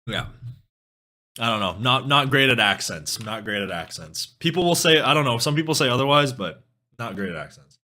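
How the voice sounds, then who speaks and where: Young Canadian guy, live-stream host, bright forceful voice, lively swings, laughs a lot. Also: mid-range voice, normal speed. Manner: animated, laughs often, swears casually. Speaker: music streamer. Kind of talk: casual live-stream chat.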